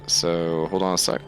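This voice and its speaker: A man running a tabletop game as game master, thinking aloud with lots of fillers. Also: on the low side.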